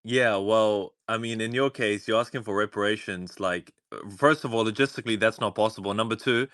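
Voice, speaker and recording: Brief: New Zealand-accented male caller, low voice, hesitant, dry sound. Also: fairly bright tone, no echo. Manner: hesitant, halting, with fillers. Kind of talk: phone-in debate.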